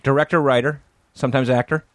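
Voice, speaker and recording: A man's voice: medium pitch, steady tone, dry recording. A man co-hosting a podcast, bantering playfully with his guest. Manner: quick, playful banter, calls people bro. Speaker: podcast co-host. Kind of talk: casual chat.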